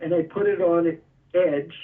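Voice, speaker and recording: A man's voice: a little high, fairly even intonation, moderate pace, far from the mic, narrow, tinny audio. A man being interviewed, explaining step by step with a few chuckles. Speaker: guest, energy tool maker. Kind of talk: casual interview.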